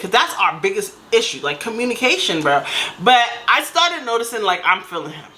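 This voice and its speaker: A woman telling a personal story to camera in a casual, animated way, acting out what others said. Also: medium pitch, brisk, slight background noise. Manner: animated, acts out quotes in voices. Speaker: storytime vlogger.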